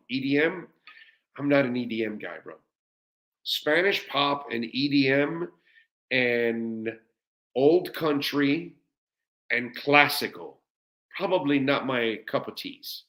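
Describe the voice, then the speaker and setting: A middle-aged American man hosting a live show in an easy, offhand way. He gushes with enthusiasm and rambles through answers to viewer comments, stumbling over fillers and repeating himself. His voice sits at an ordinary middle pitch for a man. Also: fairly bright tone. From United States. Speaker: sports radio host.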